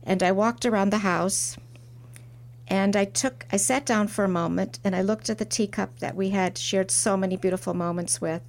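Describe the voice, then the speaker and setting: A middle-aged woman, a porcelain artist, telling a reflective story in an interview with soft restarts. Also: medium pitch, steady tone, normal speed. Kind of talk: interview conversation.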